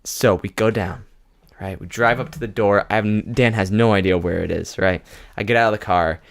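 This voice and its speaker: A man's voice: on the low side, fairly even intonation, a little fast, gravelly. A young man co-hosting a casual podcast, teasing his friend, laughing and swearing a lot. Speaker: podcast co-host.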